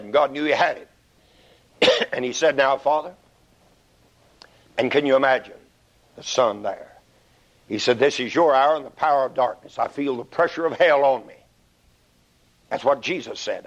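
A man preaching a sermon, dramatic, swinging from hushed whispers to shouted peaks. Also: medium pitch. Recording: dull lo-fi recording.

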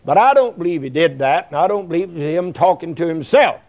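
Man, sermon, folksy rambling delivery, slightly high voice, muffled lo-fi recording. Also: lively intonation, fast. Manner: folksy, rambling preaching with many fillers. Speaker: preacher. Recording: dull lo-fi recording.

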